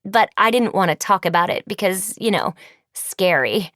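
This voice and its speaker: A woman's voice: medium pitch, moderate pace, a bit bright, no echo, studio quality, close to an everyday voice. A woman reading an audiobook, voicing a sweet teenage vampire girl who talks in a chirpy, gushing way. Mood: bubbly.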